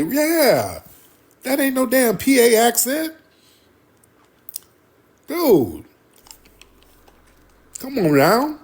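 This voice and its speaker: A man hosts a livestream with blunt, profane, heated commentary. His voice is husky and a little rough. His pitch swings widely as he rants at his viewers. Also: huge pitch swings, takes it slowly, pauses often, darkish tone. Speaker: livestream host.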